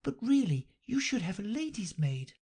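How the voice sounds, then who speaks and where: A woman's voice: medium pitch, sing-song, moderate pace, warm tone, slightly rough, pitched above the performer's own voice. A woman reading an audiobook, voicing a polite, curious young girl who speaks timidly and earnestly.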